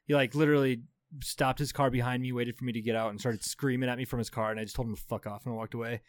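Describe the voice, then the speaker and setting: A man's voice: medium pitch, fast talker, no echo, studio quality. A man around thirty, co-hosting a podcast, telling profane stories in casual chat with frequent laughs. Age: 30s. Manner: profane, animated storytelling with laughs. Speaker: podcast co-host.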